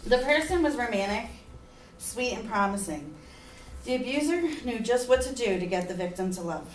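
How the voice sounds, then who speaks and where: A woman's voice: on the high side, expressive, normal speed, slight background noise. A woman giving an earnest persuasive speech, at times emotional. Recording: echoey room, mic far off.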